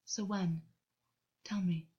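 Woman voicing a gentle controlling man, soft, slow, murmuring, muffled lo-fi. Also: on the low side, fairly even intonation, slightly rough. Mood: soft, coaxing. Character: soft-spoken, controlling man, caring lover. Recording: dull lo-fi recording.

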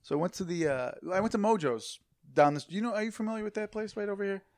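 A man's voice: high-pitched, lively intonation, fast talker, a little mellow, no echo. Profane, rambling young man telling stories. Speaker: podcast co-host. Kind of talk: casual chat, storytelling.

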